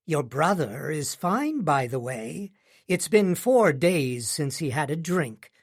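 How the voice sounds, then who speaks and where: A man's voice: a little high, big pitch swings, slow, husky, heavily acted. A man voicing a sarcastic, easily scandalized middle-aged mother in an audiobook. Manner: dry, sarcastic.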